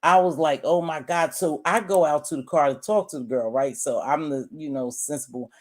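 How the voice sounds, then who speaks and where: A woman in her sixties who speaks at a middling pitch. She tells a long family story to a live audience in a relaxed, chatty way, full of asides and lively retellings. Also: moderate pace. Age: 60s. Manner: animated, chatty, calls listeners "baby" and "y'all". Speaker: guest telling a family story.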